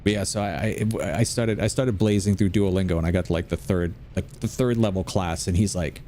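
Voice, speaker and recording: An American man chats casually while playing a video game, his low, warm voice moving a little fast. He rambles through anecdotes and keeps restarting sentences, and there's a little hiss or hum in the recording.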